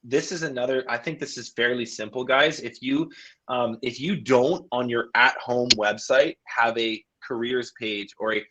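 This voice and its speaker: A man's voice: mid-range voice, steady tone, moderate pace, noisy background. A man hosting a business roundtable on a video call, earnest and encouraging as he sums up and turns to the audience. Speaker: roundtable host. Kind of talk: moderating a roundtable.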